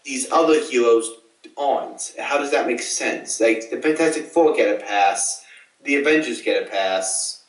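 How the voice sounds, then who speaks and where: A man hosting a casual movie chat, talking with excitement and tripping into restarts. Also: mid-range voice, a little slow. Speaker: podcast host. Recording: roomy echo, mic far off.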